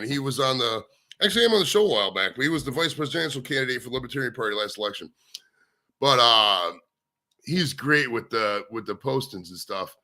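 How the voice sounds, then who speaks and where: Streamer host: man from the States, bright forceful voice, profane rambling chat. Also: medium pitch. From United States. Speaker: livestream host. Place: his home.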